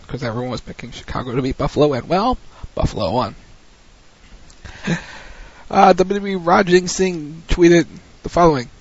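A man's voice: a little high, normal speed, pauses often, slightly rough, dry recording, muffled recording. A man co-hosting a casual podcast, reading funny tweets aloud and laughing at them. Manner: jokey, laughs at his own reading. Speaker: podcast co-host.

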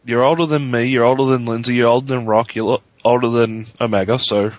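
A man's voice: mid-range voice, fairly even intonation, fairly quick, no echo. A man from Australia co-hosting an online talk show, teasing and sardonic. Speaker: radio show co-host. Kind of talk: casual talk radio banter. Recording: dull lo-fi online call audio.

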